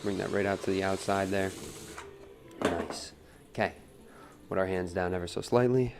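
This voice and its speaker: A man giving a relaxed live pottery demonstration at the wheel, talking through each step on a wireless mic in his studio. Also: low-pitched, moderate pace, vocal fry. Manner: relaxed, talks while working at the wheel, reads chat aloud. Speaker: pottery teacher streaming a demo. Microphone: wireless transmitter mic.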